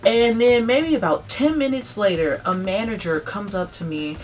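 A woman's voice: mid-range voice, normal speed. A young woman telling a casual storytime vlog, chatty and full of "like", acting out what other people said. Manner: chatty, peppered with "like" and "blah blah blah"; animated, acts out other people's lines. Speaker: vlogger.

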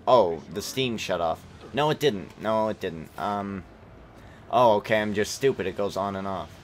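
A young man casually commenting while playing a video game, chatty, excitable and self-mocking. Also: fairly low pitch, slight background noise. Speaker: gaming commentator. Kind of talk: casual let's-play commentary.

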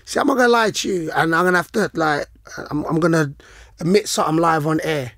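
A middle-aged man, co-hosting a podcast in casual chat, animated and slangy, acting out the people in his stories. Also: on the high side, fast talker, no room sound, clean studio sound. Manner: animated, slangy, acts out quoted lines. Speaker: podcast co-host, former footballer.

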